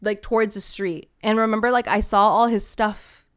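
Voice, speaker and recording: A young woman co-hosting a podcast, telling a story in casual chat, animated and laughing often. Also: medium pitch, moderate pace. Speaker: podcast co-host.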